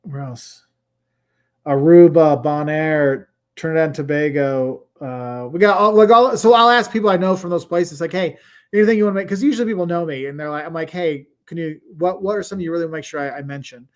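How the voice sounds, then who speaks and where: A man's voice: fairly high pitch, brisk. A middle-aged man hosting a casual travel livestream, chatting and rambling as he answers viewer comments.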